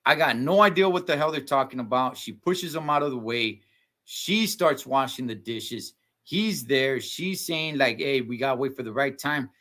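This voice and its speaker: A man co-hosting a live TV recap, talking casually, animated and laughing often, trailing off mid-sentence. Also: mid-range voice, normal speed. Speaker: show co-host.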